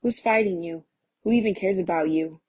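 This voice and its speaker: A woman's voice: on the low side, steady tone, measured pace, darkish tone, slightly rough, dry recording. A woman voicing a bitter, fed-up husband. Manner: angry, sneering, raised voice. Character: bitter, restless young husband, grown man.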